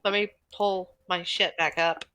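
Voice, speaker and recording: A woman narrating her character in a tabletop game with a playful, chatty manner. Her voice is bright and forceful, recorded close and dry. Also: lowish voice, steady tone, a little slow, clear, resonant tone, no echo, low-quality recording. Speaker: player. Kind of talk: tabletop game play over voice chat.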